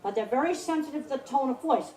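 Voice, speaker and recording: A woman's voice: sits high, animated, fast talker, warm tone. A woman in her sixties giving a blunt, emphatic public talk at an outdoor country fair, repeating words for stress. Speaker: speaker. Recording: roomy, distant mic, faint noise.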